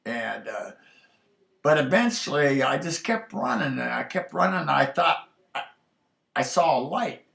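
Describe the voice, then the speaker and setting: A man telling a personal story in a halting, earnest way, pausing often on fillers. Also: fairly high pitch, animated, vocal fry, fairly bright tone. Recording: roomy echoey recording.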